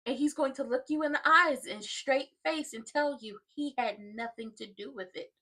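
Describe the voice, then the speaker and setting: Sassy bright-voiced woman commentator. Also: high voice, normal speed, slightly rough. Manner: sassy, animated, colloquial. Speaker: commentator reacting to a soap opera. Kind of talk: live watchalong commentary.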